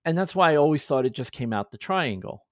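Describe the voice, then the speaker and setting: A man in his forties hosting a podcast in casual chat, an animated storyteller who acts out the voices of people in his stories. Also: a little high, fast, no room sound, clean studio sound. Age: 40s. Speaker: podcast host.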